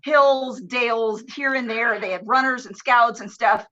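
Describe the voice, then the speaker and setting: A woman guest on a live streamed talk show, telling stories in a lively, casual way and acting out the people in them. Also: fairly high pitch, unhurried. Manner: animated, swears casually, acts out voices. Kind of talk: casual storytelling. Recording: dull lo-fi stream audio.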